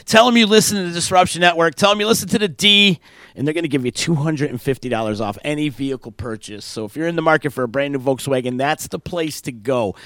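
A man hosting a live radio podcast, reading sponsor spots and chatting in a loud, jokey, hyped way. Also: a little high, fast talker, no echo. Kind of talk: casual live show chat with sponsor reads.

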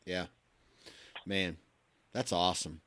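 A man's voice: fairly even intonation, slow pace, a bit bright, no echo. A male podcast host chatting casually and enthusiastically with a guest. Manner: enthusiastic, friendly, swinging pitch. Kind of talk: casual interview chat.

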